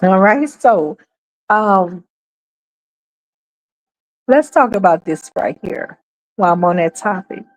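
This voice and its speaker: A woman's voice: medium pitch, animated, takes it slowly, pauses often. Chatty, emphatic woman streaming. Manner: chatty and emphatic, addresses viewers directly, repeats points, breaks into laughs. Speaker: host of her own talk stream. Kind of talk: casual livestream commentary.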